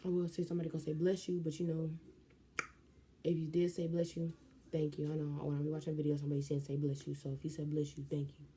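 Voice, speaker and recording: A young woman, telling a story in a casual vlog, animated and slangy. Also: deep voice, rapid-fire, slight background noise. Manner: animated, slangy, jumps into quoted voices. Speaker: vlogger.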